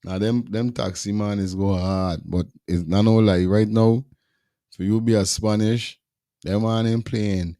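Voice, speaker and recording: A man's voice: lowish voice, steady tone, unhurried, warm tone, no room sound, studio quality. A man gives casual, slangy commentary as a show host. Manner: slangy, laid-back, Caribbean Creole phrasing.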